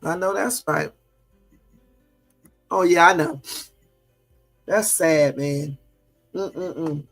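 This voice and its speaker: A man with a gravelly, raised voice hosts a casual livestream and talks in an indignant, rambling way. He fills his talk with "um" and speaks straight to his live viewers. Soft music plays faintly behind him. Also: fairly high pitch, drawn-out words. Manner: indignant, rambling with many fillers; chats with and answers live viewers. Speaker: livestream host.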